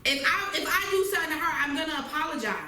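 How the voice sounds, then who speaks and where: A high-voiced woman speaks up emphatically as a parent co-hosting a casual podcast. She sits back from the mic in a very echoey room, with faint noise behind her. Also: very fast, recorded from a distance, crowd noise. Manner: emphatic, laughs often. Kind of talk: casual chat.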